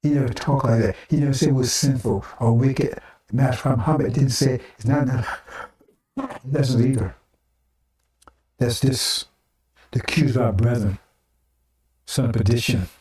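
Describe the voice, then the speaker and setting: This older preacher's informal broadcast sermon comes in a mid-range, slightly mellow voice at a measured pace with frequent pauses. He repeats phrases rhetorically and tacks on "right?" and "see?", heard through a distant mic in an echoing room.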